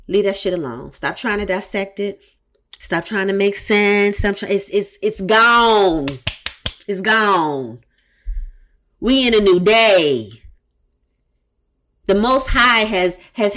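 A woman hosting a podcast talks through casual advice with a blunt, profane edge. Her pitch swings widely as she hammers her points home. She repeats lines for emphasis in a conversational flow. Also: a bit bright. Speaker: podcast host.

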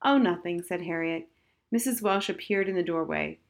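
A woman reads a children's novel aloud in steady scripted narration. Her voice sits a little low for a woman. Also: normal speed. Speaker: audiobook narrator.

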